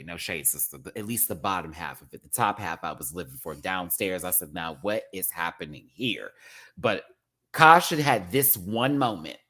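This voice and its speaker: A man giving a casual, sassy rant review of a TV show, full of drag slang and expressive asides. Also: deep voice.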